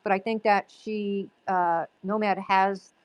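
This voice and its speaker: Woman hosting a voice chat room, calm, keeps everyone even. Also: mid-range voice, slow, clean tone, no room sound, rough recording. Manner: calm, even-handed moderator. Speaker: host of an audio chat room. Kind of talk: moderating a live voice chat.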